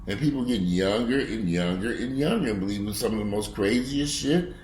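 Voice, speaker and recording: A man in a profane, angry rant. He curses bluntly and mocks people, swinging between low grumbling and loud outbursts. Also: animated, brisk, slight background noise. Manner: blunt, heavy cursing, mocking. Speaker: video blogger. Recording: echoey room.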